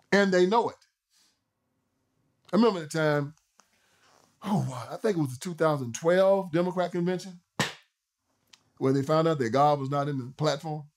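A man hosting a political commentary show, delivering an emphatic, repetitive, sermon-like monologue. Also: fairly high pitch. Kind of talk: preachy monologue.

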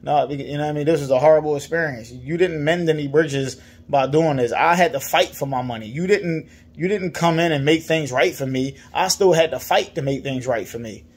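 Fairly high-pitched and husky, a Virginia-accented man talks fairly quickly as he airs his frustration over a dealer. He keeps repeating himself in this casual rant and imitates what others told him.

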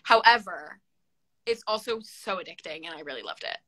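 A woman's voice: lowish voice, lively intonation, normal speed, sharp tone, poor audio. A young woman chatting casually as a guest on a phone live stream, teasing and mock-dramatic. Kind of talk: casual chat. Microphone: phone on a live video call.

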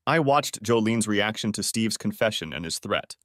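Expressive male audiobook story narrator. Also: lowish voice, normal speed, no room sound, clean studio sound. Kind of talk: first-person story narration.

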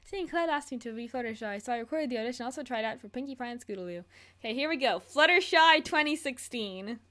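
A teenage girl with a high, bright voice hosts a casual reaction video. She chatters and giggles, poking fun at herself as she goes. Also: animated, fast. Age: teens. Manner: giggly, self-mocking, chatty. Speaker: channel host.

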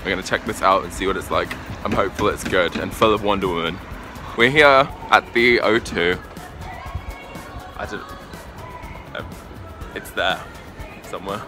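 A cheerful man talks to his camera as he walks around the city, his voice sitting very low. He rambles, restarts sentences and keeps the tone light and chatty. Loud background music plays under his words. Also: moderate pace, long pauses. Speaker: vlogger. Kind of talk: casual vlog chat. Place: out and about in a city, on streets and indoors. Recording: background music playing loudly.

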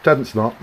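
A young man on a motorcycle trip, joking crudely and laughing with his mates at a rainy campsite. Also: sits high. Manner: swearing, joking, laughing often. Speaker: motorcycle vlogger. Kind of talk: crude banter among friends. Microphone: action camera mic. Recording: noisy outdoor recording with clicks.

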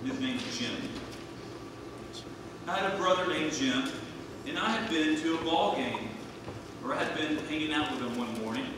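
A man in his thirties preaching a sermon, swinging between hushed and loud, emphatic delivery. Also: on the high side, moderate pace, long pauses, noisy background. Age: 30s. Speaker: pastor. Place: church sanctuary. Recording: echoey church hall from a distant mic.

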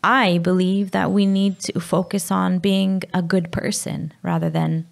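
This is a woman from Malta, a guest on a podcast, speaking frankly and at length. Her voice is fairly low and strongly gravelly, with plenty of fry. She tells her story in a casual, open way. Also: level tone, a little slow. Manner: open, storytelling, drops to a hush for quoted words. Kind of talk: casual interview conversation.

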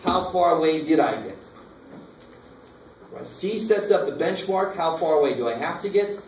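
A man's voice: on the high side, lively intonation, moderate pace, creaky. A man teaching a math lecture, talking casually and asking the class questions. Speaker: math instructor. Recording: echoey classroom from far off, faint noise.

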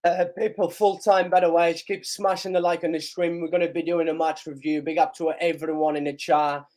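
A man hosting a live match reaction stream, slightly hoarse, excitable and shouting and chanting at big chances. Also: on the high side, brisk. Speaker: live stream host, fan of the team.

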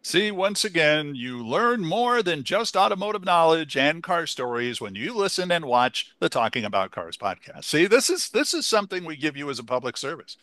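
A man's voice: fairly high pitch, big pitch swings, moderate pace, hardly any pauses, fairly bright tone, dry recording. A man co-hosting a car podcast, chatting casually with enthusiastic, playful asides. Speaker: podcast co-host.

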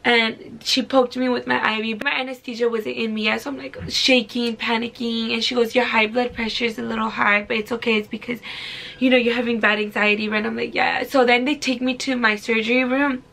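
A woman's voice: fairly high pitch, flat delivery, fairly quick, vocal fry, pushed and bright. A young woman in her twenties from California, telling a story casually to camera in a chatty, filler-heavy way, swearing freely. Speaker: beauty vlogger.

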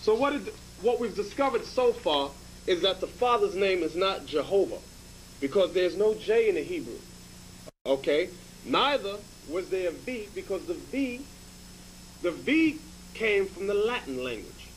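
A man teaching as a bishop gives a scripture lesson to a group in a high-pitched, expressive voice at a measured pace. He's emphatic, hammering his points home and repeating them with "okay?" after each one. The low-quality recording has a little hiss or hum.

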